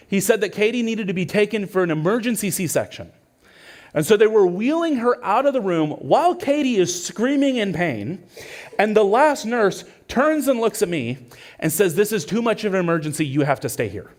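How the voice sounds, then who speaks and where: A man in his thirties, a pastor preaching a sermon with earnest storytelling that swings between hushed and urgent. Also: high-pitched, big pitch swings, normal speed. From California.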